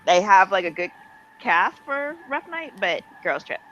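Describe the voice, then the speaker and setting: A woman's voice: medium pitch, very animated, measured pace, fairly bright tone. A woman chats easily as a podcast guest, hesitating now and then. Her voice comes through dull and lo-fi. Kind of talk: casual chat.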